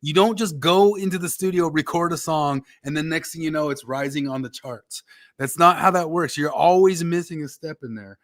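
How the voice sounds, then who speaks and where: A man's voice: fairly high pitch, normal speed, fairly bright tone. A man talking on a casual podcast, laying out an argument in a loose, rambling way. He often restarts his sentences and circles back to repeat his point. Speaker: podcast co-host. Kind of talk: casual political chat.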